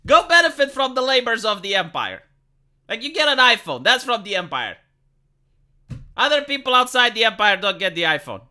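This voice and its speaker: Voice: mid-range voice, sing-song, normal speed, sharp tone. A live streamer ranting in a heated, profane, rambling way, sometimes laughing at their own points. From lives in Romania.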